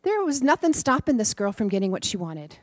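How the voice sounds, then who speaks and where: A woman's voice: fairly high pitch, sing-song, a little fast, no echo. A middle-aged woman giving a storytelling sermon talk, acting out the voices in her stories and laughing often. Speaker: student minister giving a talk.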